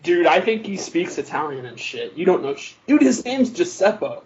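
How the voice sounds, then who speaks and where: A man trades teasing, jokey banter as a podcast co-host, his voice sitting a little high. The audio is muffled and lo-fi, with a faint hiss underneath. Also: big pitch swings, moderate pace, a little mellow. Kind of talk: casual chat.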